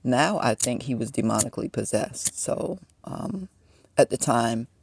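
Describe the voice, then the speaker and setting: A man's voice: mid-range voice, expressive, a little slow, vocal fry, husky, no echo. A man in his fifties talking to the camera in a personal monologue, venting his frustration as he tells a story. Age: 50s.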